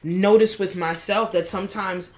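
A woman's voice: mid-range voice, fairly even intonation, moderate pace, a little mellow. A woman co-hosting a podcast, talking earnestly and reflectively about feelings. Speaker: podcast co-host. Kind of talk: casual chat.

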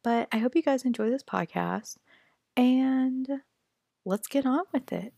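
Her voice sits high and warm with a gravelly texture, moving at a measured pace in a dry recording. She's a young podcast co-host recovering from illness, chatting and rambling self-awarely from home. She records remotely on a home computer mic.

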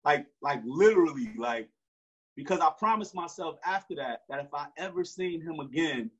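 A man's voice: on the high side, animated, moderate pace, breathy edge. A man, telling a story in slangy street talk with frequent restarts. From Newark, New Jersey. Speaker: interview guest. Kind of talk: casual storytelling. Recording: dull lo-fi recording.

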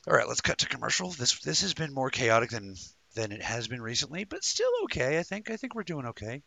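A man's voice: medium pitch, sing-song, a little fast, vocal fry, bright, forceful tone, no echo. A man hosting a live talk show in a rambling, jokey way, full of stumbling restarts. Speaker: host. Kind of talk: casual live-show chat.

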